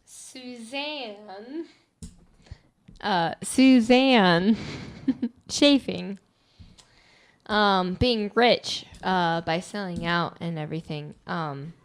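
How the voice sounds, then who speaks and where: A woman narrating her part as a player in a tabletop game, hesitant and full of fillers. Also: lowish voice.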